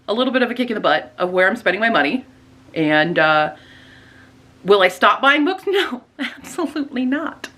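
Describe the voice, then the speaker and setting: Woman booktuber chatting, bright tone, laughs at herself a lot, kinda awkward. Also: mid-range voice, animated, a little fast, pauses often. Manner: self-deprecating, laughing, rambling. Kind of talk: casual vlog.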